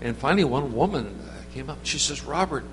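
A man's voice: medium pitch, expressive, a little fast. A man preaching an informal sermon, telling stories in a rambling, conversational way with many restarts. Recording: reverberant hall with faint hum.

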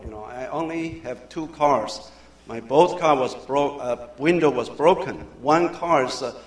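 Guy pastor preaching, broken english, gets loud and punchy, echoey church room. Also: medium pitch. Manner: non-native English grammar, rises to loud emphatic bursts. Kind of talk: sermon. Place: church sanctuary.

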